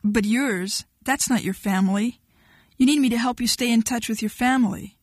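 A woman's voice: on the high side, moderate pace, darkish tone, no echo, close to an everyday voice. A pouting, whining husband who begs and scolds by turns, his voice prone to cracking, read by a woman. The sound is dry and close, with no room around it. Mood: pleading. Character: sulky, pleading husband, man.

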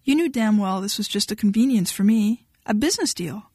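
A cold, blunt young woman with a sharp, dismissive edge to her words, as a woman reads her. It is a dry, close recording with no room sound. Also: mid-range voice, lively intonation, fairly quick, slightly rough, no echo.

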